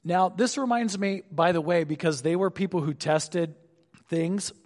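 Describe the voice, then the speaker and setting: A male pastor preaching an expository sermon, slowing down to stress points and dropping his voice on asides. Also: darkish tone. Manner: expository, slows for emphasis, drops low on asides. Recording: long hall reverb.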